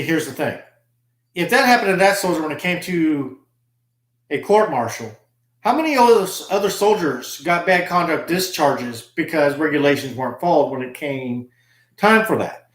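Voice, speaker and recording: A man's voice: a little high, a bit bright, echoey room. A man who served in the army, telling a story in an aggrieved, emphatic monologue. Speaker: army veteran vlogger. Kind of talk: casual monologue.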